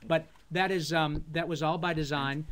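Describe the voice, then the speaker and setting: A middle-aged man answers fan questions in an eager, rambling way. His voice sits a little high, and he talks through plenty of fillers and self-corrections. His tone is loose and chatty. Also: fairly even intonation, moderate pace, fairly bright tone, clear, resonant tone. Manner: enthusiastic, rambling, with many fillers and restarts. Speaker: voice actor guest. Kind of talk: casual live Q&A chat.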